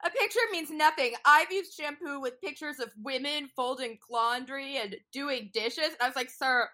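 A woman's voice: sits high, normal speed, pushed and bright. A woman co-hosting a casual chat, riffing in sarcastic, profane rants.

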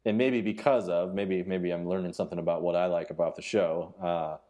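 A man with a deep, warm, relaxed voice chats casually as a podcast co-host. He talks haltingly, restarting his sentences and filling the pauses. His delivery stays easygoing throughout. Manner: halting, many restarts and fillers. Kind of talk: casual chat.

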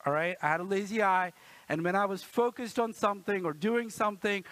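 A man's voice: high-pitched, brisk, fairly bright tone, no echo, low-quality recording. A man in his thirties preaching a sermon in a church, chatty and playful, often asking the congregation "right?" and acting out quotes. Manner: playful, acts out quotes with a raised voice. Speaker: pastor.

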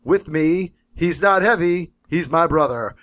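A man co-hosting a casual podcast, talking in quick, jokey banter about movies and songs. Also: on the high side, a bit bright. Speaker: podcast co-host. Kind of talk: casual chat.

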